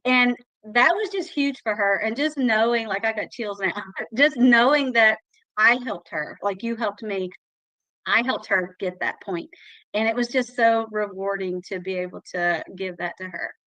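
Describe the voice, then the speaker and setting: A woman's voice: medium pitch, unhurried, sharp tone, no room sound, poor audio. A middle-aged woman, sharing her success story in a chatty, emotional way on a live call. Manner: chatty, emotional, says y'all often. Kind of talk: casual testimonial on a live call.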